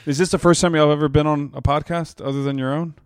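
An American man hosts a casual podcast chat with a smooth, resonant voice. The sound is dry and close, with no room around it. He talks in an easygoing way and often stumbles and restarts his phrases. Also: on the high side, steady tone, quick pace, no room sound. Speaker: podcast host.

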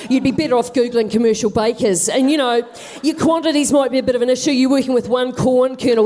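A woman's voice: a little high, dark tone, natural voice. Woman doing a smug rooster who explains everything, lecturing tone. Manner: lecturing, mansplaining. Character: overconfident, condescending rooster.

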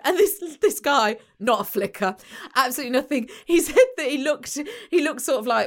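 A woman's voice: high voice, expressive, a little fast. A woman co-hosting a podcast, telling an anecdote in casual chat and laughing through it. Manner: giggly storyteller, laughs through her anecdotes. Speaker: podcast co-host.

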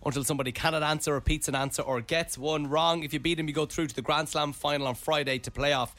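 Bright-voiced Irish radio host. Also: male voice, on the high side, fairly even intonation, fast. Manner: teasing, laughs often. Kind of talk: radio show banter.

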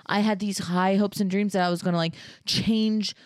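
A woman's voice: mid-range voice, steady tone, moderate pace, no room sound. Young woman, giggly, casual podcast chat, dry sound. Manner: giggly, storytelling with quoted voices. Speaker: podcast co-host.

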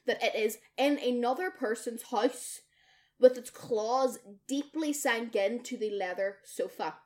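On a laid-back storytelling podcast she co-hosts, this young woman speaks at an unhurried pace in a voice slightly above typical female pitch. She's lively, curses freely, and slips into impressions of the characters in her tales.

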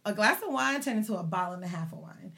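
A young woman hosting a podcast, telling a personal story in animated, casual chat full of slang. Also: mid-range voice, fast, creaky. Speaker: podcast host.

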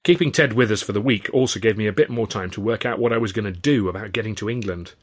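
Man, low voice, wry measured first-person novel reading. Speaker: author and reader.

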